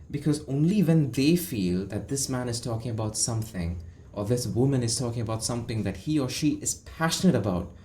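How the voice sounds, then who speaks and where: A man coaching public speaking to camera, earnest and emphatic, deliberately slowing down and speeding up, recorded in an echoey room with a faint hum. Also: medium pitch. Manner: earnest, emphatic, deliberately varies pace and loudness. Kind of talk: instructional talk to camera.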